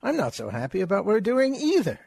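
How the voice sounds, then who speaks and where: A sly, fast-talking con man, played by a man reading a comic piece, full of sardonic quips. The voice runs high and animated. It sounds dry and close to the mic. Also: vocal fry, breathy edge, no room sound, exaggerated voice. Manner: sardonic, quick wisecracks.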